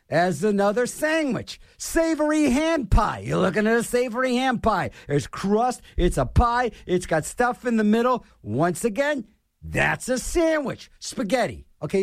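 A man's voice: sits high, dry recording, clean studio sound. A man from Pittsburgh hosting a show, delivering a playful, mock-argumentative comic rant.

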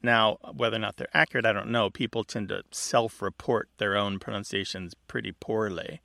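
A man's voice: fairly low pitch, steady tone, fairly quick, vocal fry, sharp tone, no room sound. A man co-hosting a radio show about language, explaining words with dry humor.

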